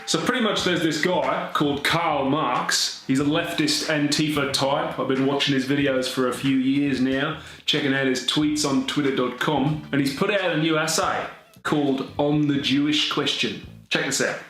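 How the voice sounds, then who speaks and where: Man playing a boorish Australian YouTuber, comedy sketch, taunting, slightly high-pitched, roomy echo, faint hiss. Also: fairly even intonation, normal speed, fairly bright tone, close to an everyday voice. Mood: blustering. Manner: mock-aggressive, taunting.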